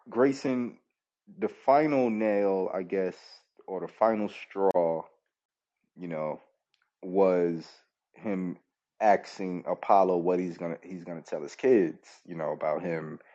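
Very low-voiced man, rambling recap. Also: dark tone. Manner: rambling, self-correcting storytelling. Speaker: podcast host. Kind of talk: casual wrestling show recap. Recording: dull, lo-fi call-in audio.

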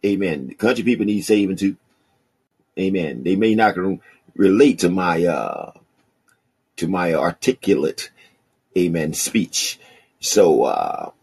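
A male pastor from the rural South with a country accent, preaching and reading scripture in a husky voice with a swelling, pausing cadence. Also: low voice, expressive, darkish tone. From rural American South. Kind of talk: sermon.

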